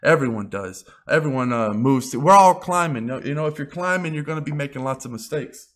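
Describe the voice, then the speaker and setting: A man's voice: fairly high pitch, animated, fairly quick. A young man giving an unscripted motivational rant as a vlogger, blunt and full of swearing. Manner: blunt, profane, emphatic.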